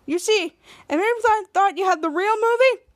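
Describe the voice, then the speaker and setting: A smug young male villain who taunts and mocks the heroes, read out by a woman. The voice sits very high and sounds close and dry. It is a quoted line in a casual recap, not a full performance. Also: brisk, dry recording. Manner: cocky, mocking.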